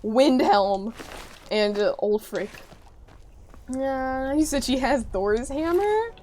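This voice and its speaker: A woman streamer chatting casually while playing a game, reacting loudly and reading chat messages aloud, with game music behind her. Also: sits high, animated, slow, a little hiss or hum. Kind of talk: casual live gameplay chat.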